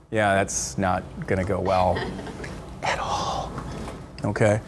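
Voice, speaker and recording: A middle-aged man teaching a marriage class at a church, lecturing in an animated, joking way and acting out quotes in voices. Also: high-pitched, a little fast, slight background noise. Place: church classroom with a live group.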